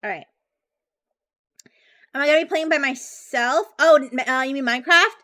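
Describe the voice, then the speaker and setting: A high-pitched woman talks to her viewers during a live stream. Her chat is bubbly and rambling, with giggles and restarts. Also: moderate pace, bright, forceful tone.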